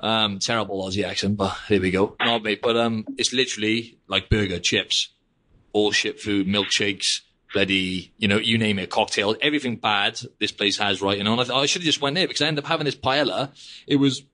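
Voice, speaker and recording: A man's voice: fairly low pitch, steady tone, fairly quick, sharp tone. A young man hosting a podcast in casual, rambling chat, peppering his talk with "mate" and "like". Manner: chatty, rambling, drops "mate" and "like" constantly. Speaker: podcast host.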